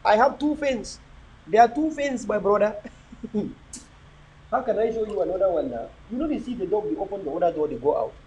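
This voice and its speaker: A man's voice: sits high, animated, normal speed, darkish tone, a little hiss or hum, poor audio. A young man hosting a live video chat, preaching and joking, slipping between pidgin and English. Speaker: livestream host.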